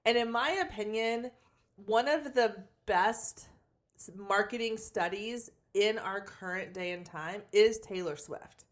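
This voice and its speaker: A woman in her forties hosting a solo podcast, slightly hoarse from losing her voice, talking in a chatty, candid way with frequent ums, on a backup podcast microphone. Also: medium pitch, takes it slowly. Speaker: podcast host and photography marketing coach. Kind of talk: casual solo podcast talk.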